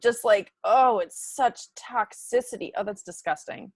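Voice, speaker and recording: A woman's voice: fairly high pitch, a little slow, no room sound, clean studio sound. A woman co-hosting a podcast who reacts emphatically and speaks her mind in casual chat. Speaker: podcast co-host.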